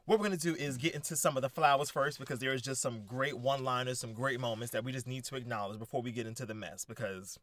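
An excitable young man hosts a casual solo podcast, swearing freely and bouncing between topics. His voice sits at a middle pitch. The sound is dry and close, with no room echo. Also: fast talker, hardly any pauses. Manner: excitable, profane, animated. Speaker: podcast host. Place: indoors, sitting in a squeaky chair.

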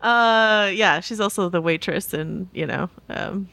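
A woman's voice: mid-range voice, a little slow, vocal fry, pushed and bright, no room sound. A woman co-hosting a pop culture podcast, joking and laughing as she talks. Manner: giggly, joking. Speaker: podcast co-host. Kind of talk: casual pop culture chat.

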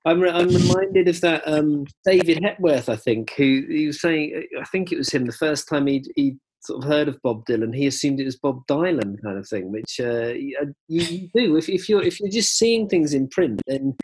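Husky man, podcast co-host, rambling and hedging in casual talk. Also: fairly high pitch, normal speed, few pauses, a little mellow. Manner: rambling, hedging, lots of "kind of" and "I mean". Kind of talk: casual chat.

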